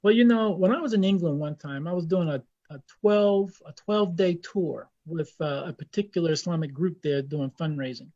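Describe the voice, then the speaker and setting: A man's voice: on the high side, moderate pace, hardly any pauses, warm tone, lo-fi sound. A man with an American accent, a guest Islamic scholar speaking in an impassioned, blunt way and repeating himself for emphasis. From United States. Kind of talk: impassioned interview talk.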